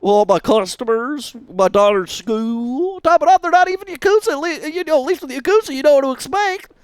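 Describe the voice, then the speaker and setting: High voice reading game dialogue. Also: lively intonation, a little fast, no room sound. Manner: reads dialogue aloud with jokey asides. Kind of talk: let's play with voiced dialogue.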